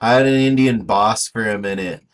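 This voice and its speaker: A man's voice: on the low side, moderate pace, recorded from a distance. A man, a podcast co-host, telling a story in meandering casual banter.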